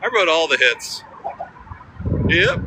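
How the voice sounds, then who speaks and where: A man's voice: a little high, animated, slow pace. A man joking and chatting with viewers as he live-streams outdoors on a bridge, now and then breaking into a bit of song. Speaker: vlogger. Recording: outdoor street recording, noise behind.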